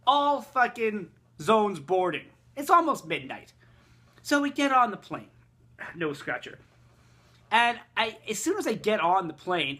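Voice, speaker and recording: A man's voice: high-pitched, bright, forceful tone. Profane rambling man. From Quebec, Canada. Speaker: vlogger. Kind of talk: casual storytelling rant.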